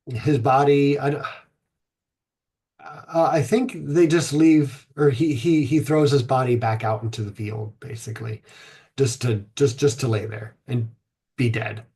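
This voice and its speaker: A man hosting a podcast, retelling an ancient myth in a rambling, irreverent way, swearing and filling pauses with ums. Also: medium pitch, dark tone, slightly rough. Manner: rambling, irreverent, profane, many fillers. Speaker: podcast host.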